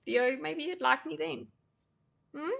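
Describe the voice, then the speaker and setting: A young woman hosts a casual livestream, chatting with her viewers. Her voice sits a little high with a bright, forward edge. She is jokey and self-deprecating and laughs easily. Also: measured pace, vocal fry, dull audio. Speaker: livestream host. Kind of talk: casual livestream chat reacting to chat.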